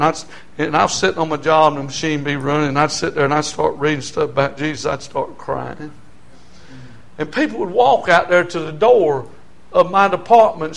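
High-voiced Southern preacher in his sixties. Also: gravelly. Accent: Southern American. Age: 60s. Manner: animated, swings from quiet storytelling to near shouting, chuckles often. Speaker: preacher giving his testimony. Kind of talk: testimony sermon.

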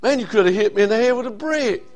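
A man preaching a sermon as a Baptist pastor, telling a story that swings from quiet and low to loud and raised. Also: lively intonation, quick pace.

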